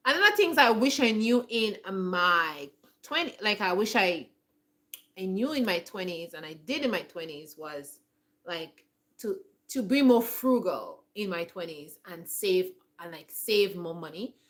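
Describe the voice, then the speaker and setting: This woman in her forties, a homestead vlogger, speaks in an expressive, mid-range, slightly bright voice at a measured pace. Her casual, reflective monologue rambles, full of restarts and "like" fillers.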